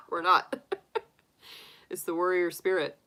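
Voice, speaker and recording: A woman's voice: sits low, a bit bright, poor audio. A woman hosting a tarot live stream, chatting casually with viewers, laughing often and acting out little quotes.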